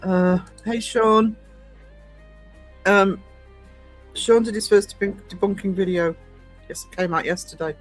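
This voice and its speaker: A man's voice: high voice, steady tone, moderate pace, long pauses, soft background music, poor audio. A man hosting a casual live stream, chatting and greeting viewers by name, with a cough now and then.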